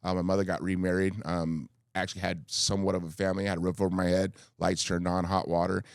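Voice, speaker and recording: Fast-talking deep-voiced man in his fifties. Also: flat delivery, vocal fry, clear, resonant tone, no echo, clean studio sound. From California. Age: 50s. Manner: earnest, rambling storyteller with many fillers. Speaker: guest. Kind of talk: candid podcast interview. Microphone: studio microphone.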